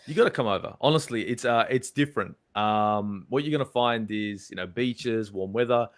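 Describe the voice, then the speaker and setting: A man's voice: fairly low pitch, normal speed. A man with an Australian accent, a guest football channel host, joking and rambling in casual chat over a video call. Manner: joking, rambling, self-deprecating.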